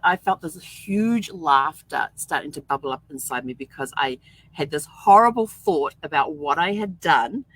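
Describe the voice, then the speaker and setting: Chatty, laughing woman storyteller, low voice. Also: a bit bright, slightly rough, no echo, rough recording. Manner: chatty, laughs often while telling stories. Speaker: vlog host. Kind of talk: casual storytelling.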